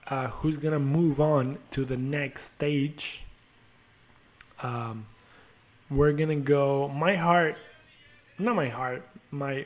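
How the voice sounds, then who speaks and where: A young man hosting a podcast, rambling and joking about soccer, swearing and teasing himself. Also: fairly high pitch. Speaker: podcast host. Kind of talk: casual soccer chat.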